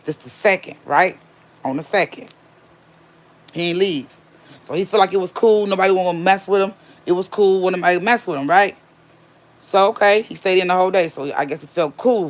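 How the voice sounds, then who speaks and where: Chatty woman telling a story. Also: fairly low pitch. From Gary, Indiana area. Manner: chatty and emphatic, repeats herself. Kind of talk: casual storytime.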